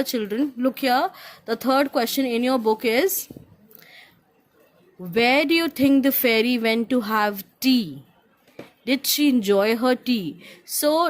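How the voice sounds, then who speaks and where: A woman with an Indian accent teaching a class of young children, patiently repeating instructions, spelling words out and switching between English and Hindi. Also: a little high. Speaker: primary school teacher.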